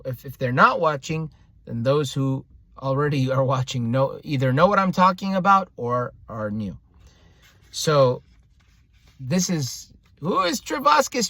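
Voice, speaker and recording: A man's voice: mid-range voice, fairly bright tone, no echo. A man from Eritrea reading a history book aloud and commenting on it earnestly, often hunting for words. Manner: earnest, searching for words, repeats himself.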